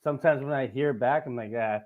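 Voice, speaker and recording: A man's voice: medium pitch, quick pace, phone-quality sound. A man hosting a casual podcast, telling a rambling, profane story with lots of asides. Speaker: podcast host.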